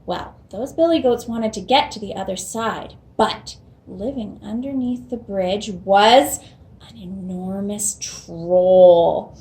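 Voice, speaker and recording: A woman hosting a children's program, reading a fairy tale aloud in a gentle storytelling manner. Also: on the high side, a little slow, few pauses.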